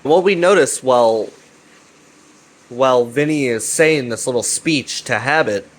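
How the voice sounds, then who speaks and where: A man giving a casual, rambling recap of a web series. He is excitable and profane, repeats himself, and keeps checking in with "right?". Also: medium pitch, measured pace, a little hiss or hum. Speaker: YouTube commentator.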